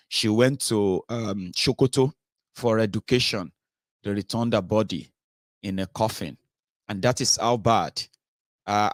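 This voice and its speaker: Emphatic Nigerian man, low voice. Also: no echo, clean studio sound. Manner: emphatic and rhetorical, with many filler sounds. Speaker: political commentary host. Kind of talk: impassioned monologue commentary.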